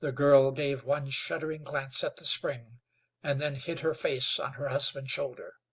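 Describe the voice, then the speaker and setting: A man reading a western novel aloud in a measured, steady way. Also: mid-range voice, slightly rough. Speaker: audiobook narrator. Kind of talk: scripted narration.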